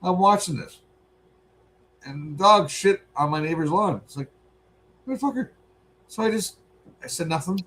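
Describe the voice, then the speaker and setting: A man, co-host of a podcast, telling a profane, animated story in casual chat. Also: fairly high pitch, moderate pace, long pauses.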